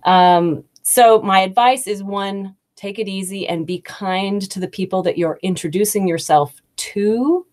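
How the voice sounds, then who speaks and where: A woman in her thirties hosting a live English lesson, explaining slowly and kindly with examples. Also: mid-range voice, darkish tone. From United States. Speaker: English teacher and host. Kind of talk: live-streamed teaching talk.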